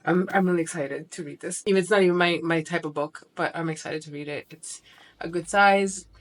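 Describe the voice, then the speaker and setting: A woman's voice: lowish voice, fairly quick. A woman in her forties vlogging casually to camera, chatty and effusive, with the odd casual swear. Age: 40s. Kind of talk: casual vlog talk to camera.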